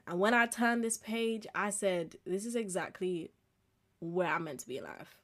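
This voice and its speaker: A woman in her twenties hosting a casual solo podcast, telling stories with animated, acted-out reactions and frequent laughs. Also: mid-range voice, measured pace. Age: 20s. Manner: animated storytelling, acts out reactions, laughs often. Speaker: podcast host.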